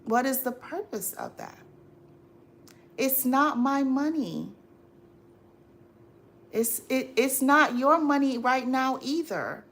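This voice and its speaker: On her livestream, a woman offers viewers advice in a casual chat, sounding exasperated and preachy and going over the same points repeatedly. Her voice sits high and a bit bright, animated yet slow, with frequent pauses.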